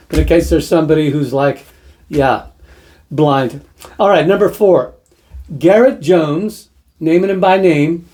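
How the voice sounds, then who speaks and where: Brief: fired-up moralizing male host, fairly high voice, warm timbre. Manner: impassioned, moralizing, laughs nervously. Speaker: online commentary host. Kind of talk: preachy commentary monologue.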